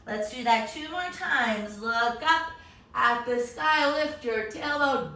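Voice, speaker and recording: A woman's voice: high voice, measured pace, sharp tone. A young woman leading a children's yoga lesson, upbeat and encouraging, making animal sounds along with the poses. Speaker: kids yoga teacher. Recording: echoey room, distant mic.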